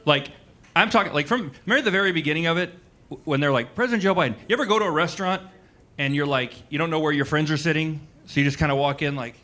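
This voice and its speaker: Male stand-up comedian, forties, bright voice, slightly high pitch, rambling conversational delivery, club stage mic. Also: fast talker. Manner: loose, conversational, full of likes and asides.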